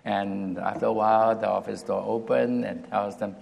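A man preaching a sermon, retelling a scripture story in a deliberate, halting way with restarts and emphasis. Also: on the low side, steady tone, vocal fry, a little mellow. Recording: long reverb of a hall.

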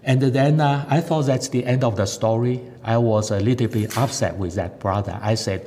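A man giving a sermon testimony, earnest and halting, with frequent fillers and non-native grammar. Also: steady tone, warm tone. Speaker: lay preacher giving testimony. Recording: echoey hall with faint rumble.

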